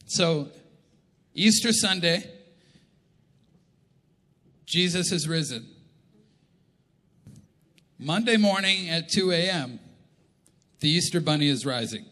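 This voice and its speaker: A middle-aged man with a Canadian accent preaches in a big church hall, his bright, slightly raised voice ringing with reverb. He tells jokes and acts out the voices of family members as he goes. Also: a little high, slow pace, long pauses. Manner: animated, jokey, acts out quotes. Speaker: pastor. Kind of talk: humorous sermon storytelling.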